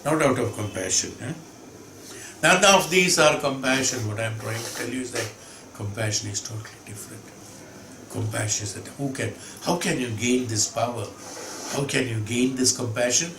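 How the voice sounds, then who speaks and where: A man gives an emphatic spiritual discourse. He repeats phrases and asks rhetorical questions as he teaches. His voice sits at a middle pitch and carries an echo in the room, with steady background noise underneath. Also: normal speed. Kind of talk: scripture discourse. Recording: echoey room with background hum.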